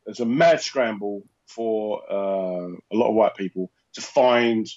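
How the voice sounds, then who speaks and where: A man's voice: fairly low pitch, measured pace. A man, a comedian and host, telling a stand-up anecdote in casual chat and acting out the voices in it. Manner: animated, acts out quoted voices in anecdotes. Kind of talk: casual comic storytelling. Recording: dull, slightly lo-fi podcast audio.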